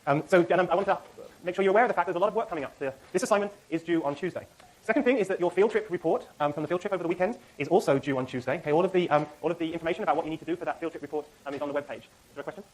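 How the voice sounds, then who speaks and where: A middle-aged man lecturing at a university gives announcements to his class in a lecture hall. He talks rapidly and at a fairly high pitch, often filling pauses and revising what he just said.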